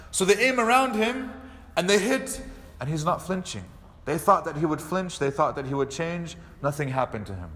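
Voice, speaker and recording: A man, an imam, giving a mosque lecture, telling a story and acting out the quoted speech with lively delivery. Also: on the high side. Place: mosque hall. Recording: long hall reverb.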